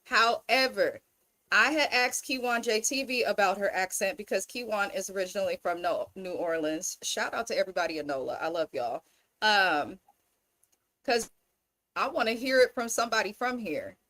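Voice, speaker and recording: A woman's voice: mid-range voice, lively intonation, moderate pace, sharp tone. A woman from the Bay Area, hosting a casual reality TV recap in a blunt, exasperated way. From Bay Area, California. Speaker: host.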